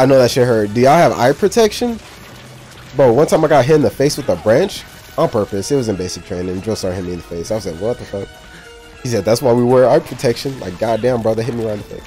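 A man's voice: medium pitch, a little mellow. A young man casually reacting to a movie, talking in loose slang, cursing and laughing a lot.

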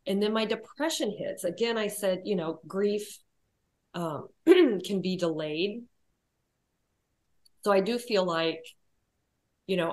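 A woman telling her personal story as a podcast guest, quiet and reflective, hesitating often with fillers and restarts. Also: on the low side.

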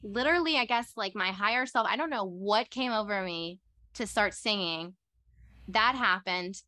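A young woman co-hosting a podcast, telling a story in a rambling, excitable way and filling her talk with "like". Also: medium pitch, normal speed, no room sound. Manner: rambling and excitable, heavy use of "like". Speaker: podcast co-host. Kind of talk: casual storytelling chat.

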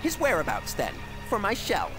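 A woman's voice: mid-range voice, wildly swooping pitch, normal speed. A woman voicing a timid, fussy, mournful male mock turtle in a video game, with a quavering, prim voice. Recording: game audio under music.

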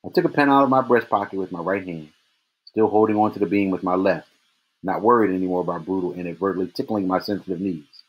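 A man reading a novel aloud in steady first-person narration. His voice is very low and husky, with a breathy edge that stays the same from line to line. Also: fast talker, dull audio. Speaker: reader.

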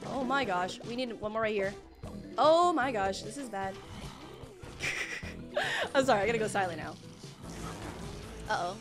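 A woman's voice: fairly high pitch, wildly swooping pitch, unhurried, pauses often. A young woman streaming a game, rambling and panicking aloud as she plays. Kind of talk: casual gameplay livestream. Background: game music.

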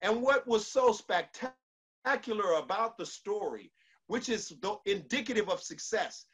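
Bright-voiced preacherly motivational speaker man. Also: high voice, lively intonation, measured pace, breathy edge. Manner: preacherly, repeats lines for emphasis, leads call-and-response. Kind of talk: motivational speech to an online audience.

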